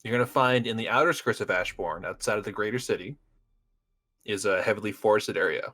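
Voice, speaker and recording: A man's voice: on the low side, brisk, sharp tone. A man playing a tabletop game, talking casually and thinking aloud with hesitations. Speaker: player.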